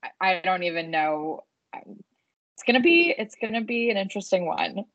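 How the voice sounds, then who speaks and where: A woman's voice: mid-range voice, animated, normal speed, a bit bright, no echo. A young adult woman co-hosting a podcast, chatting casually about a reality show, often restarting her sentences and swearing casually. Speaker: podcast co-host. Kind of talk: casual recap chat.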